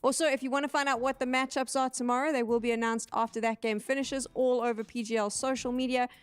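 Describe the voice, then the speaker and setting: A woman hosting an esports analysis desk, brisk and steering the talk, at times exasperated. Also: high voice, fairly even intonation, clear, resonant tone, dry recording.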